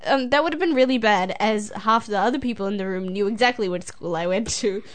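A woman's voice: mid-range voice, a little fast. A teenage girl, telling a school story in casual chat and laughing often. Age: teens. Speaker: student storyteller.

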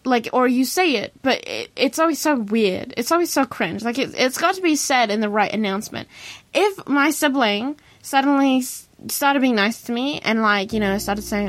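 A young woman from New Zealand talking casually on her radio show, rambling and animated, full of fillers and acted-out quotes. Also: on the high side, normal speed, faint music behind. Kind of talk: casual solo radio talk. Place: radio studio.

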